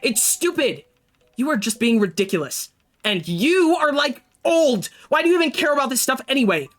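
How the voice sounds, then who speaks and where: A woman's voice: very animated, moderate pace, soft background music. A woman voicing a defiant thirteen-year-old girl who squeals and snaps at others in a game. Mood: bratty. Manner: high, squealing and snippy.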